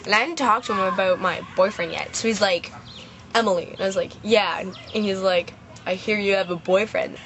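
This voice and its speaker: A woman's voice: medium pitch, brisk, noisy background. A teenage girl ranting casually to camera, chatty and rambling, full of "like" and "I was like" as she tells a story outdoors. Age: teens. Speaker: vlogger.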